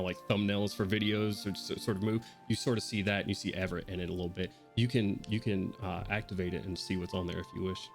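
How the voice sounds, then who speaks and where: A man with a very low voice runs a tabletop game, narrating in a loose, meandering way full of fillers. Faint music plays underneath. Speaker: game master.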